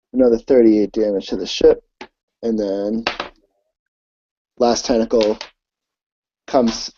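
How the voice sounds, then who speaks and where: A man narrating as game master for a tabletop game, talking in a halting way with many ums and restarts. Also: on the low side, warm tone, highs cut off, a little hiss or hum.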